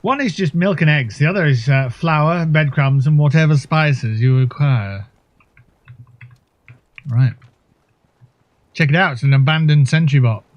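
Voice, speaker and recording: A man's voice: fairly high pitch, a little slow, long pauses, highs cut off. A man hosting a livestream, talking in a rambling, crude, jokey way while he plays a game. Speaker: livestream host. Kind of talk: casual gaming livestream chat.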